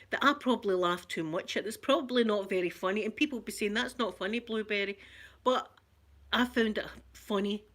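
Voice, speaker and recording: A middle-aged Scottish woman chatting softly for an ASMR video, telling stories in a relaxed, rambling way with local words. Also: mid-range voice. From Scotland. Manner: chatty storytelling, local words like wee and yous. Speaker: ASMR creator. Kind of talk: soft-spoken ASMR chat.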